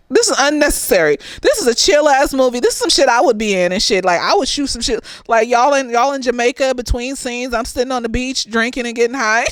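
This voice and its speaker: A woman therapist chats through a movie review while slightly tipsy. She is animated and cheerfully profane, and laughs often. Her voice is smooth and a touch high, recorded dry and close. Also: no echo. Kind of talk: casual chatty review.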